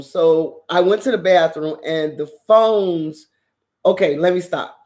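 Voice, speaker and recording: A woman host casually telling a story in a blunt, profane, animated way, with frequent laughter. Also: fairly low pitch, a little slow. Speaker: drama channel host.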